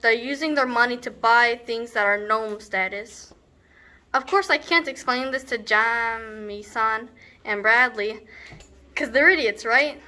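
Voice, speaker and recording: A woman's voice: fairly high pitch, measured pace, bright, forceful tone. A young woman performing a comedic monologue as a brash, scornful teenage girl, rambling with sarcastic asides. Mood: exasperated. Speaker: student actor.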